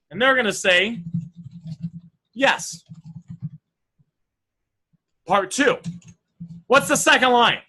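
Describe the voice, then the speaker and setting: A man coaches a training group in a live online session, upbeat and direct as he reads out sample message lines. His voice sits high and sounds bright and forceful. He talks to the class like a regular leading his own program. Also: extremely slow, pauses often, poor audio.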